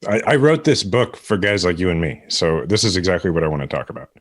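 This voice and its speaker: A man in his forties guesting on a podcast, with a very low and somewhat husky voice. He talks quickly and reassuringly in a casual conversational way. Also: animated. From United States. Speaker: guest, author. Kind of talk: casual interview chat.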